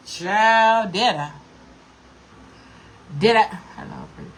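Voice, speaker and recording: A woman's voice: mid-range voice, measured pace, long pauses, a little hiss or hum. A woman vlogger ranting to her camera in a blunt, profane, scolding way. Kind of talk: casual rant to camera.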